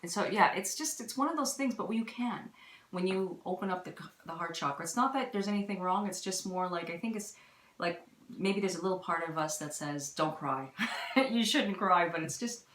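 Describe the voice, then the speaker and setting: A woman hosting a live stream, talking gently and rambling about spirituality, with many restarts. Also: on the low side, lively intonation, moderate pace, a little hiss or hum. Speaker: intuitive reader and live-stream host. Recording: roomy echo.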